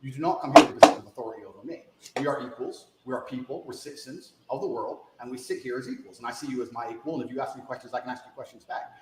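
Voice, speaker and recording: A man's voice: mid-range voice, racing, echoey room, very noisy. A man answering interview questions in a combative, insistent way, repeating his points for emphasis. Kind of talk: heated interview exchange.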